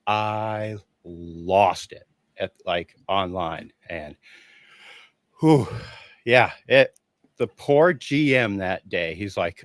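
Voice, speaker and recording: A man's voice: sits low, drawn-out words, dry recording. A man speaking as an interview guest, telling a personal story with feeling, acting out what people said and laughing often. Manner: animated storyteller who acts out quoted dialogue, laughing often. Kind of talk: casual conversation.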